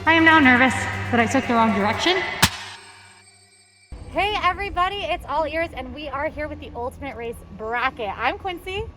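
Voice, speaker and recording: A woman's voice: sits high, expressive, moderate pace, over music, poor audio. A woman hosting a vlog race, cheerful and full of competitive trash talk. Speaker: show host and race competitor. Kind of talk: upbeat vlog chat.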